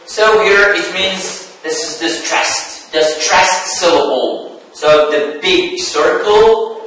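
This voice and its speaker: A man teaching an English lesson, explaining slowly and deliberately, with frequent "uh" fillers. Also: high voice, fairly bright tone, a little hiss or hum. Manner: slow and deliberate, many fillers, explaining step by step. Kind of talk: classroom lesson on a web TV channel. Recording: very echoey room, voice far from the mic.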